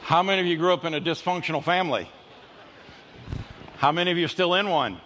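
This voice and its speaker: A man in his fifties preaching a sermon, telling folksy personal stories and jumping into high voices when he quotes people. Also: quick pace, a bit bright, a little hiss or hum. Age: 50s. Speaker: pastor. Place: church auditorium. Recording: reverberant church hall with faint ambience.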